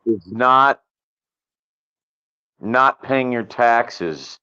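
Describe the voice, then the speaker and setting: A man's voice: mid-range voice, lively intonation, very slow, pushed and bright, clean tone. A male guest talking bluntly and with profanity in a casual chat, coming through a call. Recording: dull lo-fi call audio.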